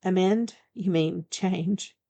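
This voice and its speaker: A woman voicing a young-looking female vampire in an audiobook, talking quickly and defensively. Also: lowish voice, dark tone.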